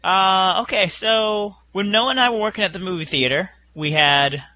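A man's voice: sits high, normal speed, bright, forceful tone. A man on a casual podcast, bantering and teasing his co-hosts. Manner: teasing, jokey. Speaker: podcast co-host.

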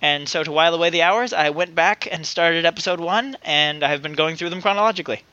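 Bright, high-voiced chatty man. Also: fast talker, no echo, highs cut off. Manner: chatty, laughs often, trails off and restarts. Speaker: podcast co-host. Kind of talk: casual chat.

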